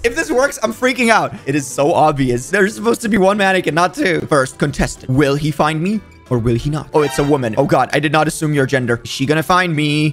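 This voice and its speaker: A man's voice: a little high, fairly bright tone. A young man giving frantic, jokey commentary while playing a video game, often panicking and pleading. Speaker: gaming YouTuber. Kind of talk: gameplay commentary.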